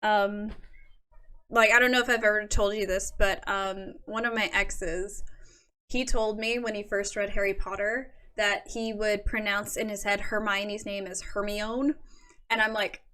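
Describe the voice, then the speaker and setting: A woman's voice: medium pitch, little pitch movement, moderate pace, pushed and bright. A young woman hosting a livestream, chatting casually with viewers and gushing over their work. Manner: gushing, effusive, reads chat aloud. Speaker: livestream host.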